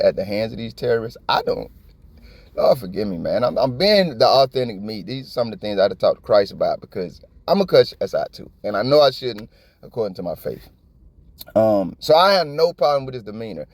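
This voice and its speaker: A man's voice: on the low side, a little mellow, no echo. A man giving blunt, profane, impassioned reaction commentary in a slangy, conversational way. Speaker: video commentator.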